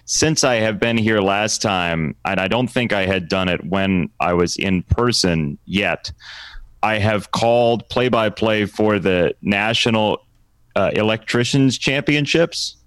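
A man's voice: on the low side, unhurried, smooth, no room sound. A man with a dry, close sound telling a comic story as a guest on a chat show. He is a sports play-by-play announcer and mocks himself. His voice lifts when he quotes his own lines. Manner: self-deprecating, animated when quoting himself. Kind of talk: casual comedic storytelling.

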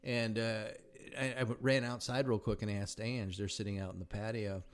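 A man's voice: fairly low pitch, little pitch movement, normal speed. A man co-hosting a podcast in casual chat, teasing his friend and shrieking in disbelief. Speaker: podcast co-host.

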